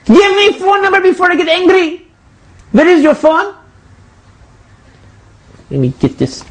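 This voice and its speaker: A man's voice: very high-pitched, huge pitch swings, measured pace, fairly bright tone, pitched above the performer's own voice, full character voice. A man voicing a pushy, suspicious male customer who interrogates a butcher in a comedy sketch, demanding and calling everyone brother.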